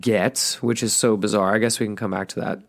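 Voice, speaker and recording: Very deep-voiced woman co-host. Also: fairly quick, gravelly. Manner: relaxed, stammers and restarts, agreeable. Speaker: podcast co-host. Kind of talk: casual film discussion podcast.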